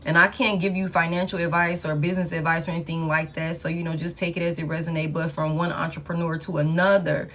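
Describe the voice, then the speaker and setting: A woman's voice: lowish voice, level tone, quick pace, hardly any pauses, a bit bright, a little hiss or hum. Emphatic, slangy woman reading tarot. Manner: repetitive, emphatic, slangy pep talk. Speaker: tarot reader.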